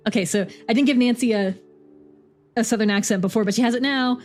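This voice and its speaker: A woman streaming, making quick, offhand asides while reading aloud. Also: fairly high pitch, darkish tone, soft background music.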